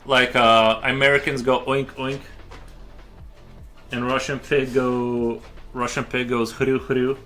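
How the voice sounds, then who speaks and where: A man's voice: medium pitch, little pitch movement, slow, long pauses, sharp tone, soft background music. A man chatting casually on a live stream while he draws, rambling with frequent restarts and fillers. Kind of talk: casual livestream chat. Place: home studio while drawing.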